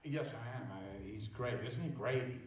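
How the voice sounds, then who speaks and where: A man's voice: mid-range voice, normal speed, heavy reverb, recorded from a distance, close to an everyday voice. An older actor retelling a story and briefly putting on the voice of a terse, stern male film director. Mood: pleased. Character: stern film director, male, middle-aged, low and curt.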